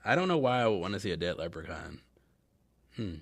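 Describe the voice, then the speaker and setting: A man's voice: low voice, very animated, a little fast. A man hosting his own podcast, chatting casually and telling candid, self-mocking stories in a rambling way. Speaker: podcast host. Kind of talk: casual solo podcast chat.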